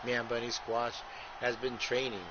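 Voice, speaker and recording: A man's voice: medium pitch, monotone, normal speed. Man doing joking ringside game commentary. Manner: ringside announcer patter, keeps saying folks; crude rhyming jokes. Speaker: host and wrestling commentator. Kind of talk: playful wrestling-game livestream commentary. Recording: muffled lo-fi with clear background hiss.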